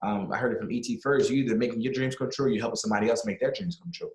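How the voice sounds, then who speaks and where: A fast-talking, animated man speaking as a guest in a casual conversation. He sounds motivational and emphatic, often repeating himself for stress. His voice rings out in a roomy, echoey space. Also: mid-range voice. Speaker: podcast guest. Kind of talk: casual video-call conversation.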